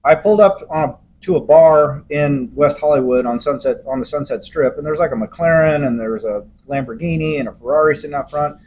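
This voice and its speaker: A man's voice: a little high, fairly quick, few pauses, darkish tone, a little hiss or hum, rough recording. A middle-aged man telling a long anecdote in casual podcast chat, acting out quotes along the way. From Los Angeles area. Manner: rambling anecdotal storyteller, acts out quotes. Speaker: podcast co-host.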